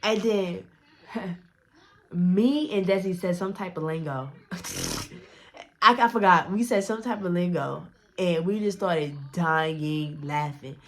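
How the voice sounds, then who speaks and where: A woman's voice: on the low side, unhurried, slight background noise. Profane, rambling young woman storyteller. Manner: profane, rambling retelling with frequent restarts. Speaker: storytime vlogger. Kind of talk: casual storytelling.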